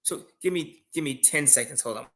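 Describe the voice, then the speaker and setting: A man's voice: a little high, a little fast. A man giving casual advice on loans and side businesses in a live conversation, telling stories with many restarts. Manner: animated storytelling, many restarts. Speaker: guest finance speaker.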